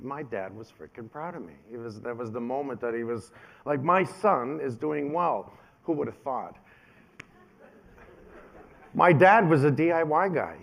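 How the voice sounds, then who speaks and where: Male keynote speaker, 50s, lively storyteller, casual and conversational. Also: mid-range voice. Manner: animated storyteller, acts out quoted voices.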